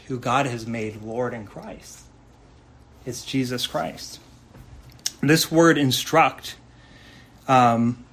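A man preaching a sermon in an earnest, conversational way, asking rhetorical questions and reading scripture slowly. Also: mid-range voice, slight background noise. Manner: reads scripture slowly and deliberately. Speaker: pastor. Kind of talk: expository sermon.

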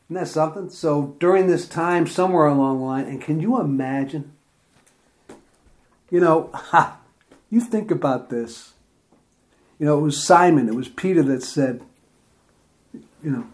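A man leads a relaxed Bible study, reading verses and retelling them with eager, chatty enthusiasm and frequent laughs. He speaks slowly and unhurriedly, stretching his phrases out. His voice sits a little higher than most men's. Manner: enthusiastic, chatty, laughs often, slow and drawn out. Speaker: Bible teacher. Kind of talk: informal Bible study talk.

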